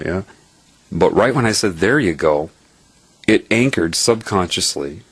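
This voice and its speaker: Very deep, husky man telling a spiritual story. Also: fairly bright tone, no echo. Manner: earnest, explanatory, tags points with "right?". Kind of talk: spiritual monologue told as a personal story.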